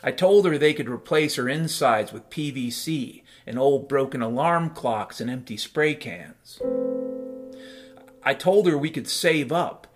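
A man talks in a rambling solo monologue, full of swearing and dry sarcasm, then drifts into deadpan absurd tales. His pitch sits in an ordinary middle range. A faint piano plays quietly behind him. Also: a little slow. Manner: profane, sardonic, deadpan absurdist storytelling.

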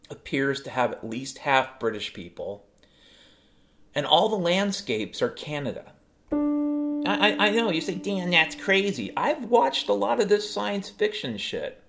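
A man in his fifties hosting a solo podcast, ranting in a sarcastic, profane way. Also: mid-range voice. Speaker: podcast host.

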